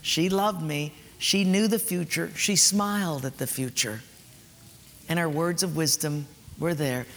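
A man's voice: a little high, a little slow, a bit bright. A man preaching a sermon, telling a personal story with emphatic turns. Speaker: pastor. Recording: echoey hall, faint noise.

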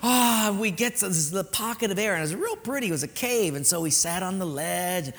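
A pastor preaches a sermon, telling a story animatedly and acting out the dialogue. His high-pitched, expressive voice is brisk and fairly bright, captured in a reverberant hall with faint ambience.

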